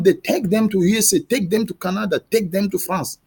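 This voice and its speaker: Husky, high-pitched man in a heated rant. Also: darkish tone. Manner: heated, pleading, repetitive questioning; halting restarts and repeated words. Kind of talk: impassioned monologue to camera.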